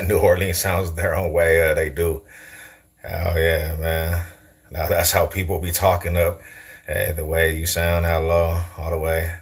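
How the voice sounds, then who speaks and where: Husky and sitting low, this man's voice has a flat, somewhat slow delivery. He's a forty-something YouTuber from East Side Denver, Colorado, casually answering comments on a livestream in heavy slang and a local street accent. Repetition and frequent laughter mark his remarks.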